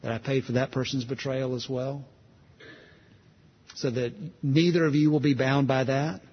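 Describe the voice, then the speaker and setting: A man preaching who voices the Lord speaking gently and patiently to a believer, in a calm, reassuring tone, softer and lower than his plain preaching. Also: moderate pace, husky, big-room sound, highs cut off. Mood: gentle, reassuring.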